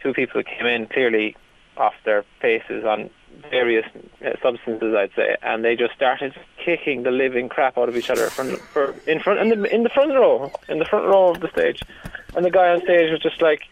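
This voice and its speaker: A man, a stand-up comedian telling animated anecdotes with laughs and restarts in an interview. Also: mid-range voice, normal speed, creaky. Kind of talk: casual storytelling interview. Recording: tinny phone-like line.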